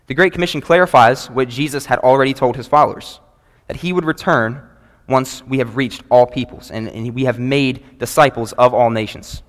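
A man preaches earnestly to his congregation, pausing to read scripture aloud in a steady, measured way. His voice sits in a middle register. It rings out with the long reverb of a large church hall. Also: medium pitch. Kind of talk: sermon. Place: church sanctuary before a congregation.

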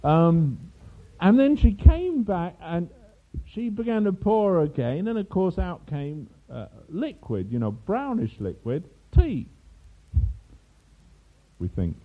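An older man from England preaches a sermon, mixing teaching with anecdotes and small laughs. His voice swings widely in pitch as he tells the story. The recording is narrow and tinny, like a telephone line. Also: slow pace. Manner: storytelling with asides and laughs, animated. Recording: tinny phone-like sound.

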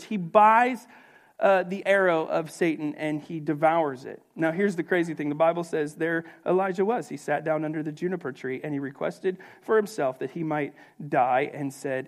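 A man preaching a sermon as pastor, animated and conversational, slipping into acted asides. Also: a little high, moderate pace.

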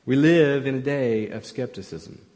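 A pastor preaching a sermon, emphatic at times and dropping to a near hush at others. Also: male voice, medium pitch, moderate pace. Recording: long reverb of a large hall.

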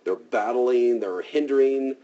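A man's voice: mid-range voice, a little slow, dark tone. A man preaching a conversational sermon, casual and talky, often checking in with "right?", in a dull lo-fi recording.

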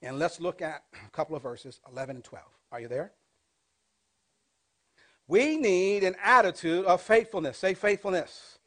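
A man in his fifties preaching a sermon as pastor, asking the congregation call-and-response questions and swinging between loud and hushed delivery. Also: high voice, expressive, moderate pace. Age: 50s.

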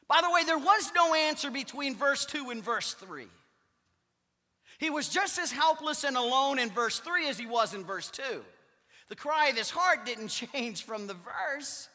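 Pastor type, male. High, bright, lively voice. Preaches with big swings from loud to quiet, in a church with a long echo. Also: measured pace. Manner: emphatic preaching, swings between loud declarations and hushed asides. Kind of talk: sermon. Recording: long hall reverb.

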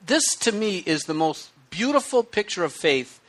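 A man preaching a sermon with hiccups, reading scripture aloud and explaining it in an animated, conversational way. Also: high-pitched, moderate pace. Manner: animated, conversational teaching with asides. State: has the hiccups.

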